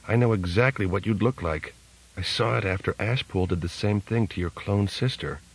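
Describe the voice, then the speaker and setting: A man's voice: lowish voice, normal speed, gravelly, husky, poor audio. A man voicing a tough young female fighter, cool and clipped, in an audiobook. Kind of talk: audiobook character reading.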